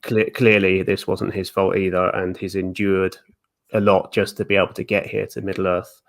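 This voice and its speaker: A man with a fairly low voice talks things through in a casual chat, pausing on fillers. He is thoughtful and drops in dry, facetious asides. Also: level tone, creaky. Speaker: guest discussing Tolkien lore.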